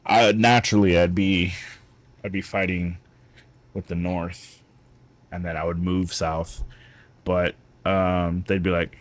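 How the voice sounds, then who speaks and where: Chill guy streamer, kinda low voice, rambling and cussing while he plays. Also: level tone, slow, pauses often. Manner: rambling, profane, joking. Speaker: gaming streamer. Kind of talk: casual chat while playing.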